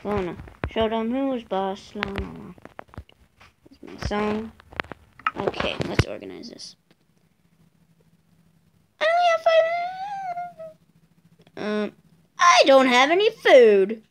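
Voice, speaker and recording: A woman host giving let's play commentary, excitable, shrieking and yelling at the monsters in her game. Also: medium pitch, slow, creaky, long pauses, a little hiss or hum. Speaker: gaming channel host.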